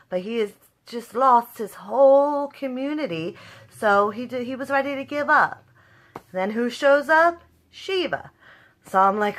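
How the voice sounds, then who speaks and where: A woman's voice: mid-range voice, lively intonation, a little slow, a bit bright. A young woman giving a casual spoken review of a TV episode, talking through her reactions and acting them out with a rising voice. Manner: emotive, acts out her own reactions with rising voice.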